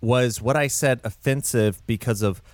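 A man's voice: medium pitch, moderate pace, no echo. Sheepish, hesitant man. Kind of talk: improvised comedy podcast.

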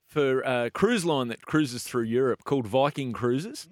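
An Australian man co-hosting a radio show, making deadpan mock-serious jokes. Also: medium pitch, measured pace, dry recording, studio quality. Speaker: radio co-host. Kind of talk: casual sports radio banter.

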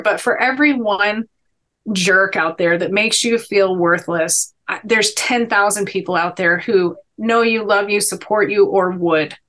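With a mid-range, slightly bright voice, a middle-aged woman recounts personal stories as a podcast guest in a sit-down interview. Her storytelling is earnest and emphatic, sprinkled with inspirational lines.

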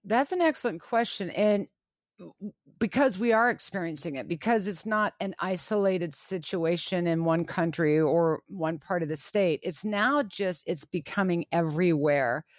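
Middle-aged woman on an interview, kinda low voice, earnest and emphatic, dry close mic. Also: unhurried, no room sound. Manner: earnest, emphatic, restarts phrases. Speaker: author and guest. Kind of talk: radio interview.

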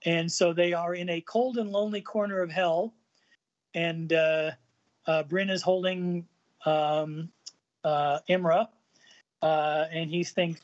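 A man's voice: fairly high pitch, steady tone, slow. A man on a podcast recapping a comic book, reading the characters' lines aloud with lots of ums and uhs. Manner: hesitant, many ums and uhs, reads quotes lightly acted. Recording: dull lo-fi audio.

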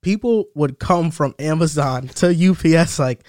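A young man in casual chat with friends, telling stories about old jobs in a relaxed way, saying "bro" a lot. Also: on the high side, moderate pace, no echo, clean studio sound. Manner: relaxed storytelling, says "bro" often.

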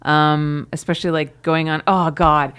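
A woman guest on a podcast, telling a story with animated, self-deprecating humor. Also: deep voice, measured pace, clear, resonant tone. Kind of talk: casual storytelling.

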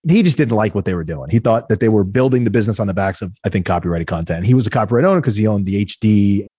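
A man speaking fast and with a husky, slightly rough voice as a podcast guest, telling his business stories in a lively way. He acts out the people in his stories as he goes. The sound is dry and close, with almost no room. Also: on the low side, dry recording. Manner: fast, animated storytelling, acting out quoted people. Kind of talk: casual storytelling interview.

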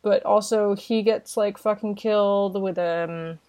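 Woman podcast co-host, loose chatty delivery, middle pitch, dry audio. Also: fairly even intonation, unhurried, dark tone, no room sound. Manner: rambling, filler-heavy, swears casually. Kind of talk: casual film discussion.

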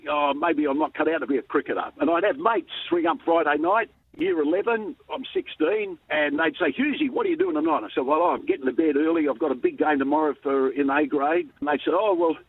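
An older Australian man telling a story in an interview, lively and chuckling between lines. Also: slightly rough. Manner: animated storyteller, lively pitch jumps, chuckles. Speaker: interview guest, former cricket captain. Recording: dry, tinny phone-like line.

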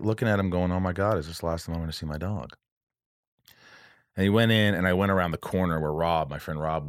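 Low-voiced man in casual chat. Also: fairly even intonation, no room sound, clean studio sound. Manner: emotional, rambling, does quick voices of friends. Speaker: podcast host.

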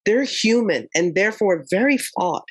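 A woman comedian chatting in an interview, telling animated stories and acting out quoted lines. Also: medium pitch, normal speed, slightly rough, poor audio. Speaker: comedian guest. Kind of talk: casual interview chat.

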